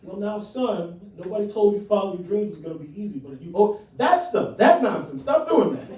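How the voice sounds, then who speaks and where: A man's voice: high-pitched, expressive, fairly quick, distant mic, a crowd in the background. Guy playing his firm older dad, lecturing, roomy echo. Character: stern older father, loving but firm.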